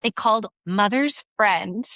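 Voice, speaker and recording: A woman's voice: medium pitch, unhurried, sharp tone, dry recording, clean studio sound. A woman co-hosting a casual book-discussion podcast, reflective and analyzing the characters. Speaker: podcast co-host.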